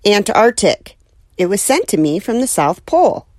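A woman's voice: mid-range voice, moderate pace, no echo. A woman reads as a mild, well-mannered man from a children's storybook, explaining himself patiently and politely. The voice sits a little above her narration and sounds close and dry. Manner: calm, courteous explaining. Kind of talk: audiobook character voice.

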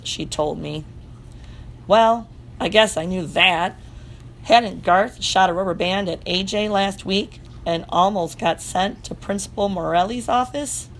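Expressive woman reading a storybook. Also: medium pitch, unhurried, a little hiss or hum. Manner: lively, expressive, playful first-person telling. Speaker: audiobook narrator. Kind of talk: storybook narration.

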